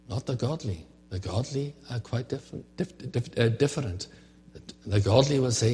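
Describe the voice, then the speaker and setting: A man's voice: mid-range voice, normal speed, a little mellow, slight background noise. A man preaching a sermon, earnest and rhetorical, often asking questions of his listeners. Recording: long hall reverb.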